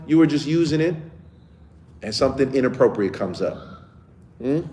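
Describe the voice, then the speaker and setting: Speaking somewhat high with a darkish tone, a male teacher leads a relaxed lesson for kids and keeps checking in with them. The room is echoey, with faint ambience in the background.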